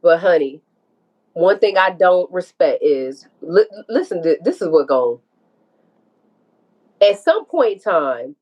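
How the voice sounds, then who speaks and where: A woman's voice: fairly low pitch, very animated, slow, pauses often, lo-fi sound. A woman telling her story as a guest in an online interview, blunt and profane, speaking straight to the viewers as y'all. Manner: blunt, profane, emphatic, talks to listeners as y'all.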